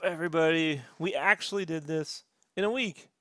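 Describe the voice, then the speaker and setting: A man's voice: a little high, animated, a little fast, pushed and bright, no echo, clean studio sound. A man hosting a podcast in casual chat, teasing his co-host with sarcastic banter.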